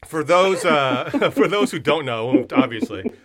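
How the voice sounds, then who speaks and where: A male podcast co-host with a bright, forceful voice, full of slang and hype. He banters casually with guests and keeps the energy high. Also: animated, unhurried.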